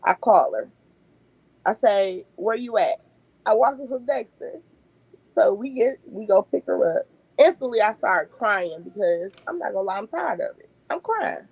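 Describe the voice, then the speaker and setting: A woman, a podcast guest telling lively family stories and laughing often. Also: medium pitch, moderate pace, gravelly, breathy edge, dry recording, poor audio. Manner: animated storyteller, laughs often. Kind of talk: casual podcast chat.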